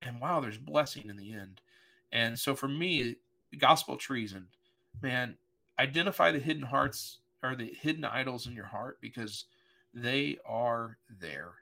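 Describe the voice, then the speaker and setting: Middle-aged male pastor, earnest storyteller, bright tone, mid pitch. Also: a little slow, vocal fry. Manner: earnest, emotional, vivid retelling with voiced quotes. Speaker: pastor, podcast guest. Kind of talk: personal storytelling in conversation.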